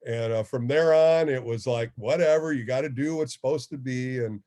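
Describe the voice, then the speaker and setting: A former ballplayer now working as a radio host tells stories in a casual interview, animatedly acting out the people he quotes. His voice is mid-range and his pace moderate.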